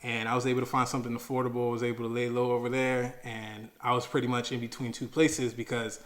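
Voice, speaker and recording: A young man telling a personal story in casual, slangy speech, acting out his own past outbursts with lively energy. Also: medium pitch, a little fast. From Maryland, USA.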